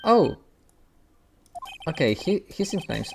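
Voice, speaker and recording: A man's voice: mid-range voice, measured pace, faint music behind. A man chatting and reacting aloud while streaming a visual novel game. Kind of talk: gaming stream commentary.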